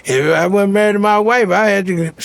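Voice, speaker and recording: A middle-aged male comedian telling animated stories in casual chat, shouting punchlines and laughing. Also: high-pitched, fairly quick, gravelly. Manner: loud, shouting punchlines, laughing, acting out voices. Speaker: comedian guest.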